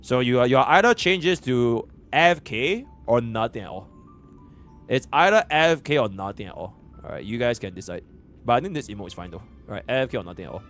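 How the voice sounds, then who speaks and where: Over soft background music, a Singaporean man with a medium-pitched voice and a Singaporean English accent speaks fairly quickly. He's streaming a review of a game account, excitable and profane, swinging between loud bursts and muttering.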